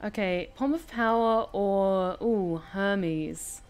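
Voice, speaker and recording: A woman streaming a video game, chattily thinking aloud and reacting excitedly. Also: medium pitch, slow pace, smooth. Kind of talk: live game commentary.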